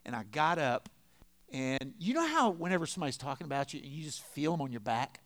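A middle-aged man preaching a sermon in a conversational, storytelling way, swinging between loud and quiet. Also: fairly high pitch, big pitch swings, quick pace. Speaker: pastor.

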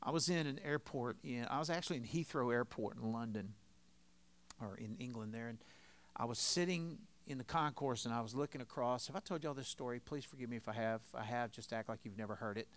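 A middle-aged man preaching a sermon in a conversational, storytelling way, swinging between loud and quiet. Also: mid-range voice, a little fast. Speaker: pastor.

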